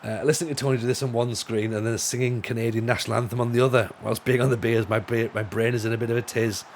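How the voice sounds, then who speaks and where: A man's voice: medium pitch, fairly even intonation, fast, a little hiss or hum. Rambling jokey man streaming. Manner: rambling, jokey, full of restarts and laughs. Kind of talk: casual live-stream chat while gaming. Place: home room.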